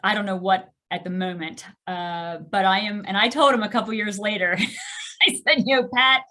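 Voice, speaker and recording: A middle-aged woman speaks as a podcast guest, her voice bright and forward. She tells her story candidly and animatedly, poking fun at herself. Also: mid-range voice, normal speed. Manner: animated, self-deprecating, laughs often.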